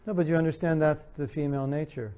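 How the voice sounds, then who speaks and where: At a quick pace, a man with a slightly high, dark-toned voice gives an earnest spiritual lecture on marriage to an audience that asks questions. He drives his points home through repetition and plays out what spouses say to each other.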